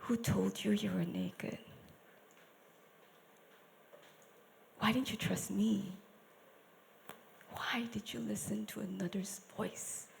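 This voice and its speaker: A woman voicing God as a tender, grieving male figure in a soft, hushed whispered role-play, slow and low. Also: animated, in a large hall, slight background noise. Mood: pleading.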